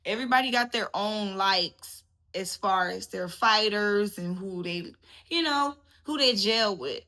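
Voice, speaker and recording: A woman's voice: medium pitch, unhurried, bright, forceful tone. A woman hosting a casual boxing commentary vlog, chatty and laughing, calling her viewers baby. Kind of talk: casual chat to camera.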